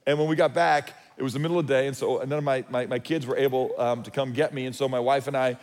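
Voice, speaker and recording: A man's voice: medium pitch, fairly even intonation, quick pace, a little mellow. A man preaching a sermon in a conversational, storytelling way, often restarting his sentences. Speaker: pastor. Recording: long reverb of a large hall.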